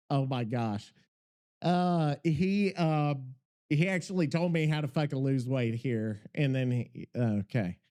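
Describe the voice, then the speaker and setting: A man hosting a gaming podcast, talking loosely and profanely with frequent rambling. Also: fairly high pitch. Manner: loud, profane, laughing, rambling. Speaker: podcast host. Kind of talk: casual chat.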